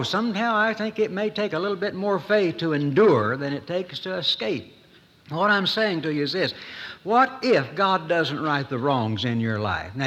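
A man preaching a sermon in a folksy manner, with dramatic pauses and rising emphasis. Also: a little high, fairly bright tone. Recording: echoey hall.

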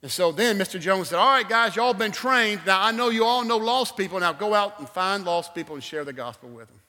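Male preacher, high bright voice, lively storytelling sermon, long church reverb. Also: brisk. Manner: animated storytelling, swings from loud exclamations to hushed invitation. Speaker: guest preacher. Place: church sanctuary.

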